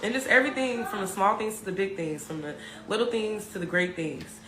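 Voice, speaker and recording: A woman's voice: medium pitch, expressive, sharp tone. A young woman from Richmond, California, talking casually about her life and music, with lots of filler words and restarts. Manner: halting, heavy on filler words. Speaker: musician sharing her story. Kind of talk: casual confessional talk. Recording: roomy echo with background noise.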